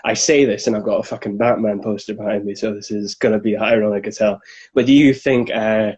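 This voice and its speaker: A man calling into a live Q&A, asking a rambling, halting question. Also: lowish voice, steady tone, darkish tone, slightly rough. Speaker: caller. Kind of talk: casual live Q&A call.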